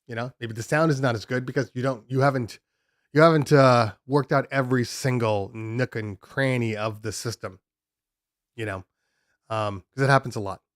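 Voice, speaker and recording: A man's voice: mid-range voice, normal speed, no room sound, studio quality. Rambling casual male DJ host. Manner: loose and rambling, many ums and restarts. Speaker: DJ podcast host. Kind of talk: casual live-stream Q&A. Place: home studio room.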